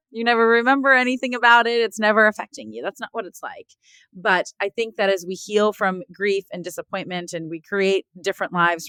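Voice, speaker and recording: Middle-aged woman as a podcast guest, heartfelt and candid, smooth resonant voice, dry close sound. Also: medium pitch, pushed and bright, no echo. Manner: earnest and heartfelt, leans on "like" and "right?". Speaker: guest author.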